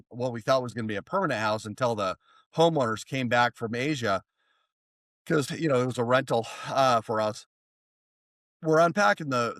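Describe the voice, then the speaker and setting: An American man, a therapist, telling a story as a podcast guest in a rambling, animated way. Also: medium pitch, no room sound. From United States. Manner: rambling, animated, many restarts. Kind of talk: casual storytelling.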